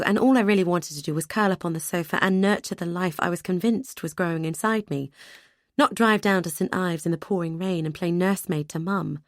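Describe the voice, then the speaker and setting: A woman narrating a first-person audiobook in a measured way, with lively dialogue. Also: fairly low pitch, no echo, studio quality.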